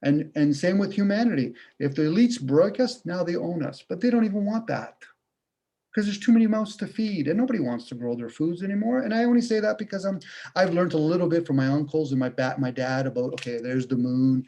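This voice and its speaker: A man's voice: fairly high pitch, a little fast, mellow. A man ranting casually on a video call, blunt and profane, firing off rhetorical questions. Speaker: video call participant sharing views.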